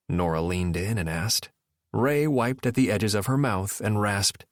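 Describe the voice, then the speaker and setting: A man narrating a romance audiobook in the first person, with expressive storytelling. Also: fairly low pitch, measured pace, no echo, studio quality.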